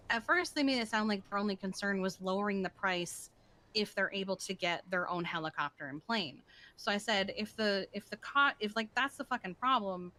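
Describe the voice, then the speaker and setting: A woman streamer chatting in character during a roleplay game, ranting in an animated, exasperated way. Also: medium pitch.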